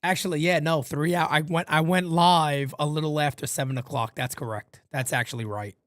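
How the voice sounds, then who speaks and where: A man's voice: a little high, brisk, dry recording, studio quality. A male livestream host calling a baseball game as fan play-by-play, rambling between tangents in a loose, profane way. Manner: animated, rambling, swears casually. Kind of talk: live fan play-by-play commentary.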